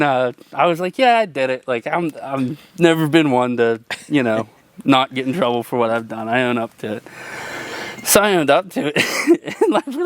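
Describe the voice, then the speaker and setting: A young man from western Pennsylvania, a podcast guest, telling a story in casual chat with lots of laughter and swearing. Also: mid-range voice. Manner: animated storyteller, laughs often, swears freely. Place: outdoors around a campfire at night.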